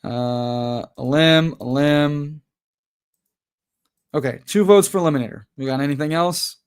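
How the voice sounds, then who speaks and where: A man's voice: a little high, slow pace, clear, resonant tone. Profane ranting male livestream host. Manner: profane, exasperated ranting, then chatty with viewers. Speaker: fantasy football livestream host. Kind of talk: casual livestream chat and rant.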